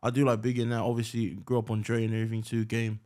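A man from New Zealand with a New Zealand accent, a rapper guest in casual podcast chat, laid-back and quick to agree. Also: lowish voice, monotone, darkish tone. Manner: laid-back, frequent "yes, sir" and laughs.

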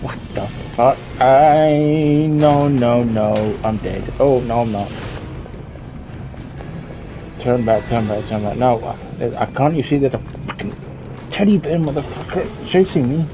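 A man's voice: mid-range voice, a little slow, low-quality recording. A young man commenting on a horror game as he plays, swearing a lot and yelping when something startles him. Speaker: gameplay streamer. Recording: game music loud behind voice.

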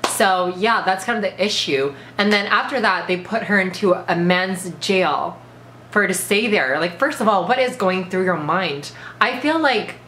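A woman's voice: medium pitch, lively intonation, moderate pace, a bit bright. A woman with a sore throat giving an emphatic, indignant opinion in a casual vlog, peppering her speech with "like". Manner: emphatic, indignant, heavy use of "like". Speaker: vlogger. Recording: echoey room with faint background noise.

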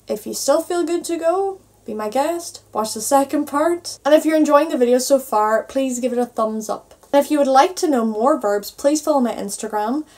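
A woman's voice: high voice, moderate pace, few pauses, darkish tone. A young Irish woman with an Irish accent giving a patient language lesson, spelling endings out letter by letter. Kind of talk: online grammar lesson.

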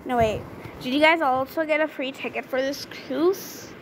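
A woman giving casual gameplay commentary, chatty and excitable, reading game dialogue aloud. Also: high-pitched, normal speed, low-quality recording. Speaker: gaming video creator. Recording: noticeable background noise.

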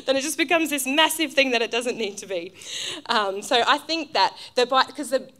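A woman's voice: lively intonation, moderate pace. Chatty Australian woman pastor preaching. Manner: conversational and chatty, with many fillers and restarts; acts out the voices in her stories with loud, high outbursts. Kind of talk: sermon. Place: church stage.

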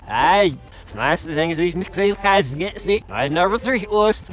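Guy yelling callouts while gaming, high voice, swings up and down a lot. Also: sing-song, measured pace, faint music behind. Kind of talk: excited gaming chatter.

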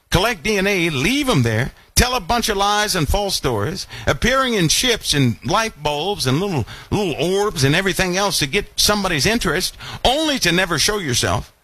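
A man's voice: high voice, dry recording. A man preaching a live online Bible lesson, asking many rhetorical questions. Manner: animated, full of rhetorical questions.

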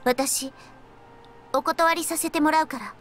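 A woman voicing a reserved, quietly defiant schoolgirl in a visual novel, soft-spoken but firm. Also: high-pitched, fairly even intonation, moderate pace, crowd noise, natural voice.

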